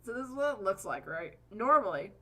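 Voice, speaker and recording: Bright-voiced woman streamer, rambling chat. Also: medium pitch, big pitch swings, fairly quick. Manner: rambling, chatty, swears freely. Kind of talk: casual live-stream chat while drawing.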